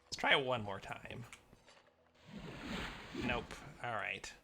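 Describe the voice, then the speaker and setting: Bright-voiced American man streaming a game. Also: medium pitch, animated, takes it slowly, gravelly, slight background noise. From United States. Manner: rambling, easygoing, muttering asides while playing. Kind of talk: casual live game stream, answering chat.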